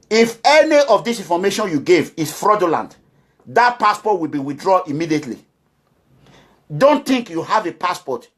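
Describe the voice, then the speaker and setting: A middle-aged man from Nigeria, speaking forcefully as a community advocate, urging and lecturing his listeners. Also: high-pitched. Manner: forceful, exhorting, repetitive, quotes others in voices. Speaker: community advocate addressing followers. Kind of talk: impassioned monologue.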